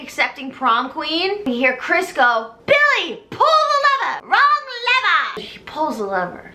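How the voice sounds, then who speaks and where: A young woman, a little tipsy, retelling a musical as comedy, animated and full of "like" fillers, dropping into quick character voices. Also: high voice.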